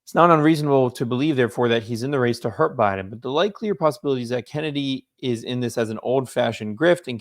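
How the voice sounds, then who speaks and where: Laid-back man reacting to news. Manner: reads articles aloud and reacts with asides; yawning, low-key. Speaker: political commentator. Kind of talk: casual commentary reading news aloud.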